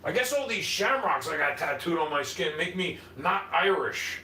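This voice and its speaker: A man with a New York accent rants profanely and combatively into a distant mic. His voice rides high with wide, restless swings of pitch. The room echoes around him, with a faint hum of ambience underneath. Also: sing-song, normal speed. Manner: combative, swearing, jumps between muttering and shouting. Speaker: livestreamer. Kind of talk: profane ranting monologue.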